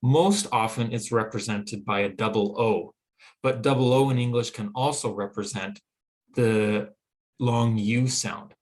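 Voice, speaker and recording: A man with a Western American accent teaching a phonetics lesson, explaining clearly and pausing to sound out vowels. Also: on the low side, steady tone, darkish tone. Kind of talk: phonetics lecture.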